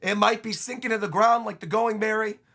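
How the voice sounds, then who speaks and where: Excitable, high-pitched reaction streamer man. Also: fairly quick, creaky. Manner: excitable, emphatic, repeats himself.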